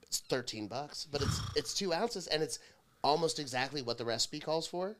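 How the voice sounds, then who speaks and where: A man with a bright, forward voice chatting on a podcast. He jokes constantly and swears easily, and his delivery is animated. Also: a little high, moderate pace. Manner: animated, jokey, swears casually. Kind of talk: casual chat.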